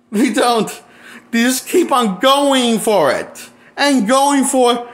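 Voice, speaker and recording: A man in a casual movie review, talking slowly and deliberately through his disbelief. His voice sits high and leaps around in pitch as he repeats himself and breaks into nervous laughter. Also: a bit bright. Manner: repeats himself, halting restarts. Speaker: movie critic.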